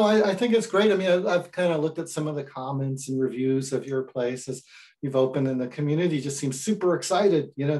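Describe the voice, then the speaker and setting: Male interviewer, slightly raised pitch, upbeat and encouraging, lots of friendly agreement. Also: a little mellow. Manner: enthusiastic, encouraging, frequent backchannel agreement. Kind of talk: casual interview chat.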